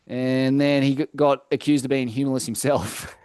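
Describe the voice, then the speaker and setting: A man's voice: medium pitch, fairly even intonation, moderate pace, darkish tone, smooth, dry recording, clean studio sound. A young Australian man co-hosting a casual podcast, telling stories loosely with plenty of swearing and fillers. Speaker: podcast co-host. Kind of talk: casual chat.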